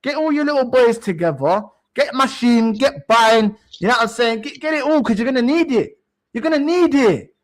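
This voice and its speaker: Boastful male co-host, taunting tone, pitched high. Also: animated, moderate pace. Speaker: podcast co-host. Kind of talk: heated football banter.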